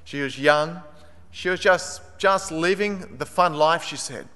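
A preacher with a high, bright, clear voice tells a story from the pulpit. He is earnest and animated, and his voice rings out in a large echoing hall. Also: measured pace. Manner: earnest, animated retelling, raising his voice for quoted pleas. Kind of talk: sermon storytelling.

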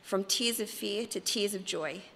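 A woman's voice: medium pitch, unhurried, fairly bright tone. Earnest woman disciple, read by a woman, emotional first-person telling, church hall reverb. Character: grieving then joyful woman disciple, earnest. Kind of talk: dramatic monologue reading in church.

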